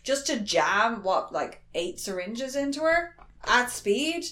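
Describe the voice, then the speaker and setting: A woman's voice: a little high, very animated, slow, sharp tone, reverberant. A woman co-hosting a casual podcast, talking bluntly, swearing casually and laughing a lot. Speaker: podcast co-host. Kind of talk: casual chat.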